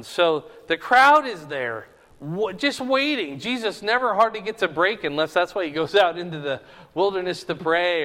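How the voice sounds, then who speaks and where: Guy preaching a chatty bible sermon, bright sharp voice, big long echo. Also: on the high side. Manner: informal, checks in with the listeners. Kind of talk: conversational sermon, verse-by-verse teaching. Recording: long reverb of a hall.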